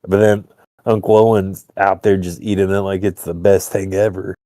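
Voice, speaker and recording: A man's voice: low-pitched, level tone, moderate pace, mellow, no echo. A man co-hosting a casual podcast, talking in an easygoing way that trails off and hedges often. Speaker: podcast co-host. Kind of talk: casual chat.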